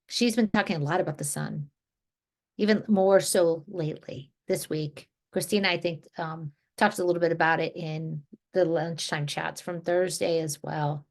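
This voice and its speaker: Relaxed woman leading a group call. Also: low-pitched, moderate pace, gravelly. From New Jersey, USA. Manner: relaxed, rambling, with frequent restarts. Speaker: energy healing group facilitator. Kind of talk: casual guided group talk. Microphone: video call.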